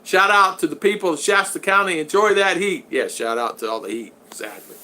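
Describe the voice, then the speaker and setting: A man's voice: high-pitched, animated, a little fast, sharp tone. Chatty man hosting a live stream. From Florida. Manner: chatty, laughs often, repeats thanks. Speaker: live stream host reading super chats. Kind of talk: casual live stream chat.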